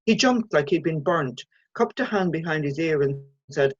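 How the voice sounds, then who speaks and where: A woman, an author reading her own short story aloud in a measured, even way. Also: sits low, lo-fi sound, noisy background.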